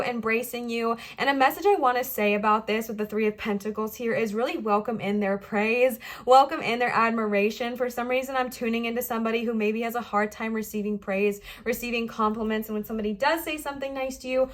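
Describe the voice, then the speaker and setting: Woman, tarot reader, pick-a-card reading, fast-talking, gushing, reassuring, slightly high voice.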